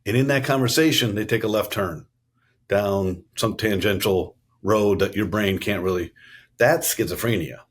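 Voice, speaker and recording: A man's voice: on the low side, normal speed, slightly rough. A middle-aged man from the US East Coast, telling stories in an earnest, businesslike way as a podcast guest. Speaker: guest, company CEO. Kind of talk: storytelling interview answers.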